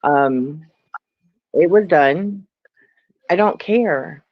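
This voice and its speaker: A woman's voice: low-pitched, extremely slow, muffled recording, a little hiss or hum. Blunt, defiant woman guest. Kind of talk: casual live-stream talk.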